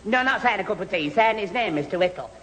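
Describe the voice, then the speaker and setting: A man's voice: sits high, expressive, fast, bright, forceful tone, slight background noise. A man playing a bumbling young man who stammers and rambles in tangles in a 1970s radio comedy. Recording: old radio recording, echoey hall, faint audience.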